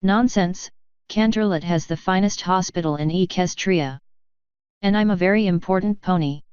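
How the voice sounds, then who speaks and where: A woman's voice: on the low side, normal speed, a little mellow, clear, resonant tone, no room sound, dull audio, lightly acted. A woman reading the part of a haughty, self-important stallion noble who makes demands. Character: pompous haughty stallion noble, male adult.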